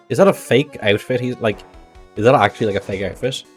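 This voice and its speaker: A man's voice: mid-range voice, brisk, faint music behind. A man streaming a game live, making wry, joking asides to his chat. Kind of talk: live game playthrough commentary.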